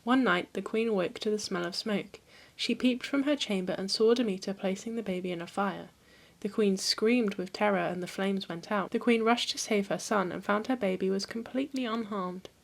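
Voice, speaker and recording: A woman hosting a history channel, reading a mythology book aloud in a calm, even storytelling manner. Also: medium pitch, moderate pace, creaky.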